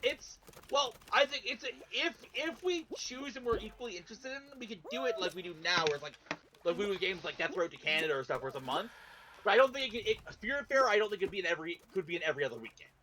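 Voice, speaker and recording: Quick, bright, animated man host. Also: sits high. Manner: leads the talk, quick and animated. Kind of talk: casual chat among friends on a livestream.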